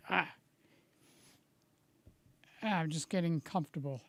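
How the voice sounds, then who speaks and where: A man chatting slowly and casually with live viewers, a little hoarse, greeting people by name and rambling between stories. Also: sits high, steady tone, no room sound. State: slightly hoarse from shouting. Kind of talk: casual live-stream chat.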